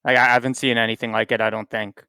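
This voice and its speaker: A man hosts a relaxed conversation in an even, flat-pitched voice. His tone is smooth and clear, recorded close and dry with no room sound. He rambles in a friendly way, full of filler words. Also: fast, no echo. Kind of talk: casual chat.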